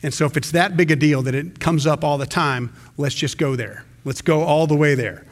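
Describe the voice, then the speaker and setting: A male pastor preaching a sermon in a conversational, animated way, often restarting his sentences. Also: fairly high pitch, normal speed.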